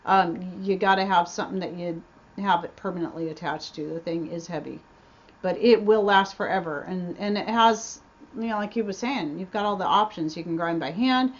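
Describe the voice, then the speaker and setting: A woman's voice: on the low side, moderate pace. A woman hosting a casual livestream Q&A from her homestead, chatty and rambling, often restarting her sentences. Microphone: webcam mic. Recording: slightly dull webcam audio.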